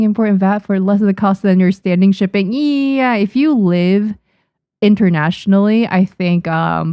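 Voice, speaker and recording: Streaming to chat from her desk mic, a young adult manga artist talks casually and thanks viewers, with plenty of ums. Her medium-pitched voice has a warm tone, and the sound is clean studio quality without echo.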